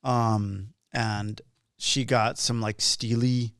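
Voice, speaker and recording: A man's voice: lowish voice, level tone, drawn-out words, fairly bright tone, no room sound, studio quality. A man hosting a casual podcast chat, rambling with many restarts and fillers. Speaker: podcast host.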